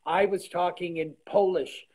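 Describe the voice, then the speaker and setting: Animated older man telling stories. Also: high voice, measured pace, breathy edge, rough recording. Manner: animated storyteller, trailing restarts. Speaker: guest artisan. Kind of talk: casual interview chat. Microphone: video call.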